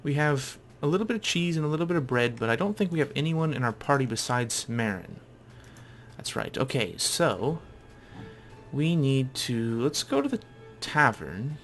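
A man's voice: mid-range voice, very animated, normal speed, a bit bright, faint music behind. Man chatting through gameplay. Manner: chatty, unsure, thinking aloud. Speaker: gamer. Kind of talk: casual gameplay commentary.

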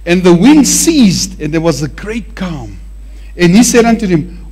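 A man preaching a sermon with animated emphasis, often repeating words to drive a point home. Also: high voice, unhurried, breathy edge.

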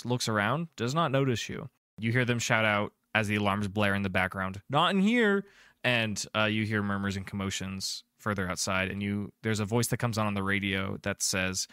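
A low-voiced man running a tabletop game as game master, describing scenes in a chatty way with plenty of ums. The sound is dry and close to the mic. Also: sharp tone, no echo. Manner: descriptive, chatty, fills pauses with um and uh.

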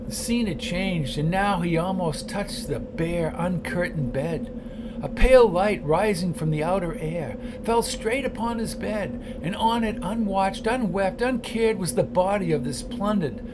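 A man narrates a classic tale in a measured, expressive way. His voice sits fairly high and often drops to a hush for dark moments. It is a careful dramatic audiobook reading. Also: noisy background.

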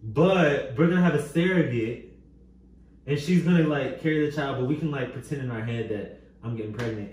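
A man vlogging a prank at home, chatting casually in slang with an animated, giggly manner. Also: very echoey, distant mic, a little hiss or hum. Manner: animated, slangy, giggly, swings into high voices when quoting. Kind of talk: casual prank vlog chat. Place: home living room.

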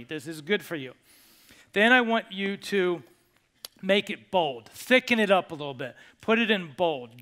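A male pastor giving a sermon to his congregation in a church, animated and joking as he coaxes them along. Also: high voice. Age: over 25. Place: church sanctuary.

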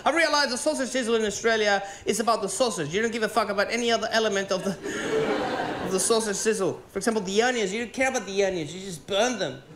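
A man from Venezuela with a Venezuelan Spanish accent, Spanish-speaking by birth, doing animated, profane stand-up comedy on stage. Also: high voice, fast, noisy background. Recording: roomy theatre with audience laughter.

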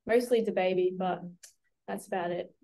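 A woman's voice: on the low side, steady tone, moderate pace, warm tone. A young woman with an Australian accent, a college basketball player answering interview questions in an easygoing, chatty, teasing way over a video call. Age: young adult.

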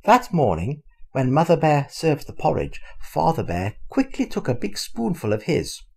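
An older man reads a children's storybook aloud to his grandchildren. His voice is gravelly and husky, and it rises and falls with lively expression. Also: fairly high pitch, moderate pace. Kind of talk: storybook reading.

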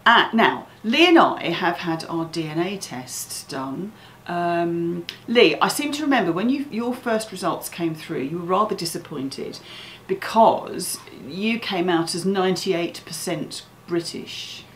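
A woman's voice: lowish voice, lively intonation, measured pace, hardly any pauses, roomy sound, rough recording. Woman doing a casual home cooking show in her kitchen, chatty and jokey, a bit of background noise. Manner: chatty, playful, self-mocking. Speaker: cookery host.

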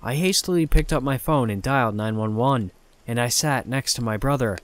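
A man narrating a scripted horror story in a calm, measured way. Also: medium pitch.

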